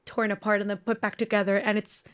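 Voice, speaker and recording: A woman's voice: mid-range voice, little pitch movement, fast. A young woman from Mexico, a native Spanish speaker with a Mexican accent, answering interview questions in a chatty, bubbly way. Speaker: musician, band member.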